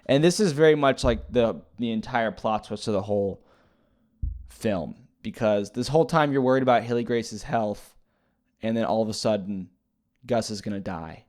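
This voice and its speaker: A man's voice: fairly low pitch, normal speed, darkish tone. A man casually retelling a movie plot as a reviewer, rambling and hesitant with many fillers and restarts. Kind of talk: casual spoken movie recap.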